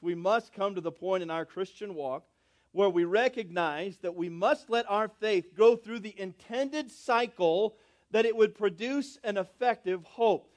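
A pastor preaching a sermon, moving between loud, drawn-out emphasis and quiet, low asides, and asking his congregation questions. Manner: swings between loud emphatic lines and soft low asides, drawing out key words; asks the congregation questions and calls for responses.

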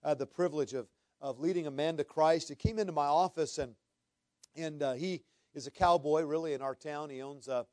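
A man, a pastor, preaching a sermon and telling a story, earnest, often repeating his words, moving between loud and hushed. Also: fairly high pitch, brisk, no room sound.

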